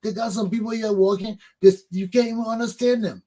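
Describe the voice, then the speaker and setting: A man's voice: high voice, steady tone, a little fast, warm tone. A middle-aged man with a Liberian accent, hosting a talk show in an emphatic, preachy monologue that repeats its points. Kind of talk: animated opinion monologue.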